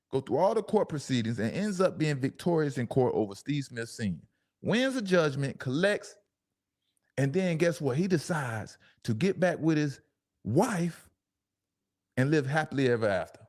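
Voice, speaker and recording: A man with speech hosts a talk show, reacting to a clip in a loose, animated way. His voice sits a little high for a man and he leans hard on emphasis. The delivery is casual and conversational. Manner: animated, laughing, drawn-out emphatic asides. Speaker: show host.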